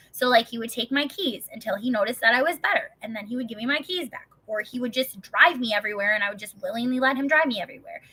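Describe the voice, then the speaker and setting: A woman's voice: fairly high pitch, fast talker, few pauses, pushed and bright. A young adult woman in casual, rambling chat, swearing often and saying "like" constantly. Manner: rambling, profane, heavy filler "like". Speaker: vlogger.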